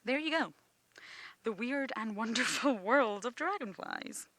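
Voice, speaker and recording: A woman's voice: a little high, animated, measured pace, bright, forceful tone, no room sound. A woman from Britain, guiding a live outdoor game drive and explaining wildlife with enthusiasm. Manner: enthusiastic, explaining nature facts to viewers. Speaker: safari guide.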